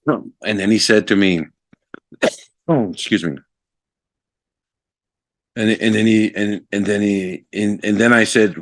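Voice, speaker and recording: A man in his fifties, a guest speaker, telling a personal story in a casual, animated way. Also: fairly low pitch, takes it slowly, long pauses, no room sound. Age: 50s. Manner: animated, acts out both sides of a remembered conversation.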